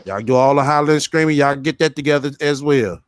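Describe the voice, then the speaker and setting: A man's voice: fairly high pitch, quick pace, smooth, no echo. Blunt, profane man ranting. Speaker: podcast host. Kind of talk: casual commentary chat.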